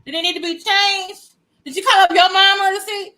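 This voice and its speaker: A woman giving sassy, animated reaction commentary aimed at the viewer. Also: very high-pitched, fairly quick, rough recording. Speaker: commentary YouTuber.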